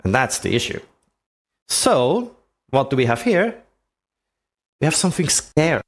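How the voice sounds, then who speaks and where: Man with a lively, swooping voice. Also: mid-range voice, a little slow. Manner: rhetorical questions, conversational. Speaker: presenter. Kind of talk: explanatory talk with slides.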